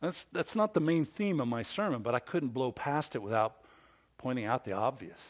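A man preaching a sermon who asks his listeners questions, rising on key words and then dropping low. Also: lively intonation, moderate pace. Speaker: pastor.

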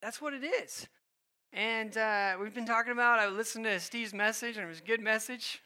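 Bright-voiced man preaching casually. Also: sits high, moderate pace, smooth. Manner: conversational, folksy, with frequent fillers and restarts. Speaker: guest preacher. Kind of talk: sermon. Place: church stage.

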